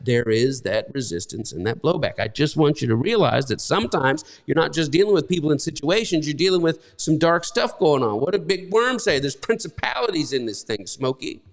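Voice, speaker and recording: A man preaching a sermon in a rather high, gravelly voice. He keeps asking rhetorical questions and drives each point home with emphasis, in a loose, conversational tone. His voice rings out with a long hall reverb. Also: expressive, brisk, hardly any pauses. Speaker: pastor.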